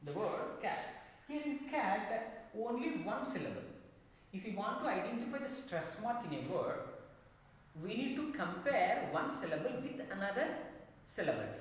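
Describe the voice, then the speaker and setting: A man giving a slow, halting classroom lecture, repeating himself as he goes. His voice sits high and swings widely in pitch. He is picked up from a distance in a reverberant room with faint ambient noise behind him. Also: very animated. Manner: slow, repeats phrases, many hesitations. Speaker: English teacher. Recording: echoey classroom, mic far off.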